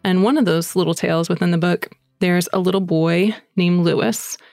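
A woman with a low, gravelly voice recounts a tale in a casual, chatty flow, full of little fillers. The sound is close and dry, with no room around it. She comes across as an eager podcast host telling a story to her listeners. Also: fairly even intonation, moderate pace, darkish tone, no room sound, soft background music. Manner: chatty, breathless, with fillers like "like" and "you know".

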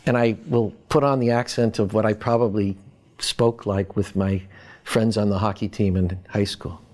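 Thoughtful man, slow measured speech. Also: lowish voice, fairly even intonation, a little mellow. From Boston. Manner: measured, thoughtful, pauses and restarts. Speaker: academic guest. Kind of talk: reflective interview answers.

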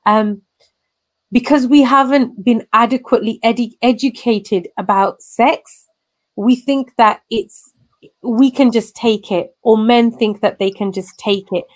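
A woman's voice: a little high, unhurried. A woman speaking candidly and emphatically in conversation, slipping into Punjabi phrases as she recounts her experiences. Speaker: guest sharing personal story.

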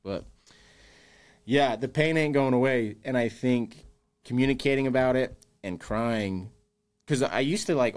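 A man's voice: mid-range voice, moderate pace. Earnest man speaking openly about grief. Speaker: podcast guest. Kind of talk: candid interview conversation.

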